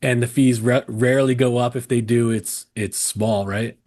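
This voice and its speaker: A man's voice: mid-range voice, steady tone, moderate pace, darkish tone. A man hosting an interview show, thinking aloud with restarts and checking in with his guest. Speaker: host. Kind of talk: casual interview chat.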